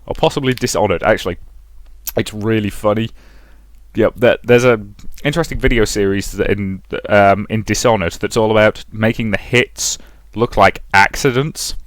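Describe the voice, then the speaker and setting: A man hosting a let's play, reading a visual novel aloud with brisk narration and chatty asides. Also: fairly low pitch, dry recording.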